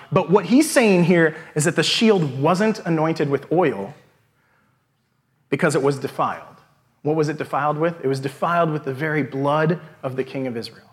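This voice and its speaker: Man preaching, a little high-voiced. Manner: expository, reading scripture aloud and explaining it; conversational, with frequent "okay?" and "right?" checks. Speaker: pastor. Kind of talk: sermon.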